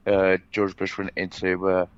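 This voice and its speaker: A man's voice: low-pitched, completely flat delivery, moderate pace, clean tone, dry recording, highs cut off. A man calling in to a chat show, talking hesitantly with many fillers. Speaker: caller.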